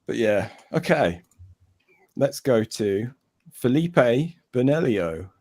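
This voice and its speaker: A man's voice: medium pitch, very animated, slow pace, darkish tone. Rambling man co-hosting a casual stream. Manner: rambling, full of "like", dry humor. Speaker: co-host. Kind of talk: casual livestream chat.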